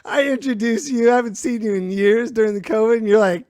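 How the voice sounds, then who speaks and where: A man hosting a comedy podcast, teasing his guest, laughing loudly and hyping her introduction. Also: high voice, quick pace. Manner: loud laughter, teasing, announcer-style hype. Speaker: podcast host. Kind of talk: casual interview, hype introduction.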